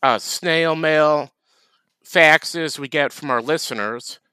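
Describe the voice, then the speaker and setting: A man co-hosting a casual podcast, trading dry deadpan jokes. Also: fairly high pitch, takes it slowly, clean tone, no room sound. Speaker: podcast co-host.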